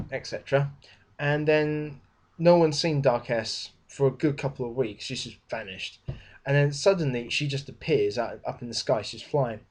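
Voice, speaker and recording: A man's voice: mid-range voice, a little mellow. A young man talks through a book review. He rambles loosely, trails off, backtracks and starts again. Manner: rambling, with many fillers and restarts. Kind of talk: casual spoken book review.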